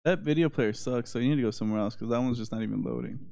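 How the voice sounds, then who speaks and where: A man's voice: medium pitch, rapid-fire, creaky, mellow, dry recording. A man co-hosting a podcast, teasing his friends and laughing often in casual chat. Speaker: podcast co-host. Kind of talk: casual banter.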